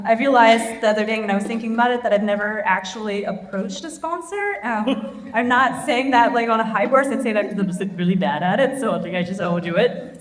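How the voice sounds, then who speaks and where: A woman organizing a festival, giving a halting live stage speech full of ums in a large theater. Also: mid-range voice. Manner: halting, many ums, gets emotional. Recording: echoey theater hall.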